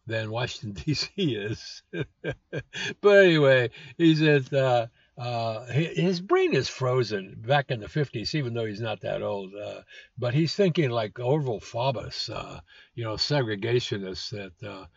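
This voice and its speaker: A man's voice: mid-range voice, expressive, measured pace, gravelly, dry recording. A man in his seventies hosting a political commentary show, blunt and scornful, with lots of "uh" fillers. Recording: dull lo-fi dry recording.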